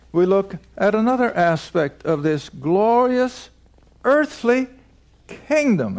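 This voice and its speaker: A man's voice: sits high, gravelly, a little mellow. A man teaching a Bible passage verse by verse, emphatic, asking his listeners questions and answering them himself.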